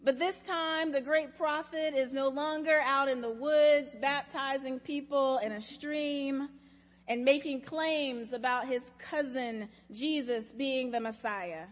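A high-voiced woman pastor delivers a sermon, recounting a story with measured expressiveness. The church sanctuary around her leaves a long tail of reverb.

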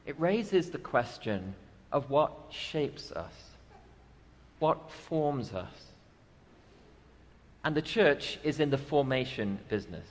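A man's voice: medium pitch, expressive, slow, pauses often, slight background noise. A male pastor preaching a sermon, telling stories with a dry sense of humor. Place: church sanctuary. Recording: long church reverb.

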